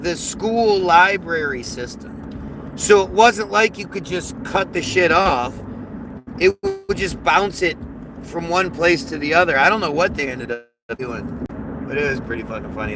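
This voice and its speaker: A man's voice: fairly high pitch, very animated, measured pace, background noise. A man ranting heatedly and profanely on a livestream, reading chat and often restarting his sentences. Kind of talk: casual livestream rant.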